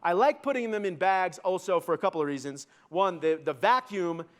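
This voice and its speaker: A man runs a live cooking demonstration, his speaking voice sitting somewhat high for a man. He rambles in a loose, self-mocking way, filling gaps with "like" and "right?" as he checks in with the crowd. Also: a little fast. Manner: joking, self-deprecating, filler-heavy with "like" and "right?". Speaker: celebrity chef giving a cooking demo. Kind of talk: live cooking demo with stand-up banter. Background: live audience.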